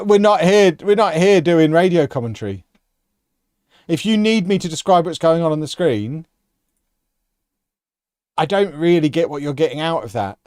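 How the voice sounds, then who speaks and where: A man's voice: mid-range voice, dry recording, clean studio sound. A man and football commentator chatting sarcastically to his viewers on a live stream while playing, often laughing. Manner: sarcastic, animated, quick to laugh.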